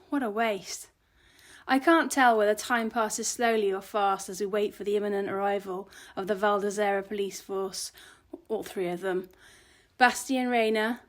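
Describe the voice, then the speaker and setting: A woman narrating her own cozy mystery in the first person, steady and expressive. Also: medium pitch. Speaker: author reading her own story.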